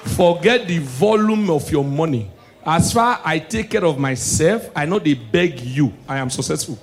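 A young man with a Nigerian accent doing live stand-up comedy, excitable and shouting his punchlines. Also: on the high side, normal speed.

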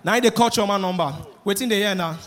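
A man with a Nigerian accent doing a lively stand-up routine, acting out the voices of the people he mocks. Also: high voice, fast. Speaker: stand-up comedian. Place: live stage.

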